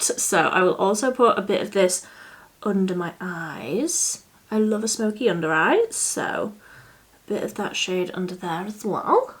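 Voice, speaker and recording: Young woman, beauty vlogger, slow and chatty, thinks out loud, middle pitch, soft murmured asides. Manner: chatty, thinking aloud, drops to a soft murmur while working. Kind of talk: casual makeup tutorial chat.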